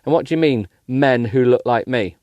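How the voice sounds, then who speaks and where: A man reading as a dry, deadpan older rich guy. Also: mid-range voice, normal speed, no room sound, lightly acted. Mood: teasing.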